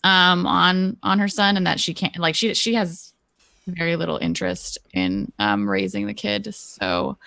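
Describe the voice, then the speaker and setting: A woman's voice: on the low side, gravelly, pushed and bright, no room sound. A woman playing a tabletop game, rambling and dryly sarcastic. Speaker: player. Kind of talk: casual tabletop play.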